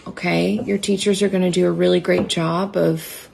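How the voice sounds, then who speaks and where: Reassuring mom, slow and hesitant; low, gravelly voice, faint noise. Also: female voice, little pitch movement, a little mellow, low-quality recording. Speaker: mother. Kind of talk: gentle talk to her child.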